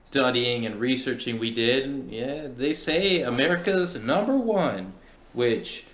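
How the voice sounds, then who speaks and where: Young male podcast co-host, early twenties, mid-pitched, rambling profane anecdote-teller. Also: animated, unhurried, fairly bright tone. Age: early 20s. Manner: rambling, profane, acts out quotes. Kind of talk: casual storytelling chat.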